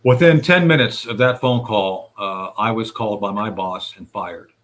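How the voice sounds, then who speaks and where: A man's voice: fairly low pitch, moderate pace, a bit bright. A man guest on a radio talk show, recounting events step by step and addressing the hosts directly. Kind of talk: conversational storytelling.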